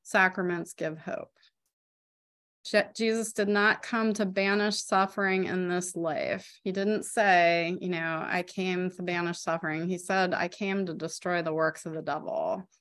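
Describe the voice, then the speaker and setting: A woman's voice: lowish voice, fairly even intonation, unhurried, a bit bright. A middle-aged woman, teaching a parish faith class in a personal, conversational way with many fillers. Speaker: RCIA catechist. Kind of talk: casual teaching talk.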